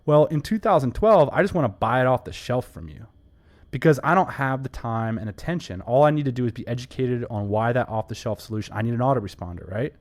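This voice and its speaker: A man's voice: mid-range voice, expressive. Enthusiastic man co-hosting a business podcast. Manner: enthusiastic, emphatic, quick asides. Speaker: podcast co-host. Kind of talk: casual business podcast chat.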